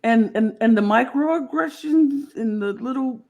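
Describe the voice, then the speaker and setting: A woman co-hosting a casual podcast chat, talking in an animated way and acting out the quoted lines she retells. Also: a little high, measured pace, muffled recording. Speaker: podcast co-host.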